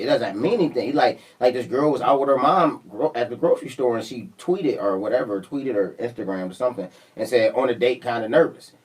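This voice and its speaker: A young man, a guest pastor on a radio show, tells a story with a lively, up-and-down delivery and stumbles over his words. His voice is husky and he sits a bit back from the mic. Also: mid-range voice, recorded from a distance. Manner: defensive, stammers, tells anecdotes. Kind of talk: casual radio banter.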